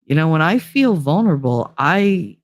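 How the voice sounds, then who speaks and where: A woman hosts a casual livestream, speaking bluntly and openly about her feelings and swearing frequently. Her low voice is very animated at a normal speed, captured in clean studio quality with no room sound.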